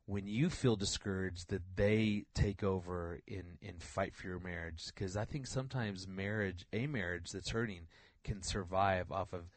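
Deep-voiced man telling a story. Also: normal speed, no echo. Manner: earnest storyteller, acts out quoted voices. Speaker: radio show guest. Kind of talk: storytelling in conversation.

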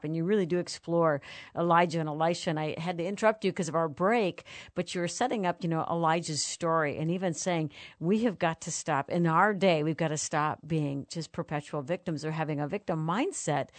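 A woman's voice: deep voice, no echo. A woman hosting a faith radio talk show, interviewing a guest in an enthusiastic, conversational way.

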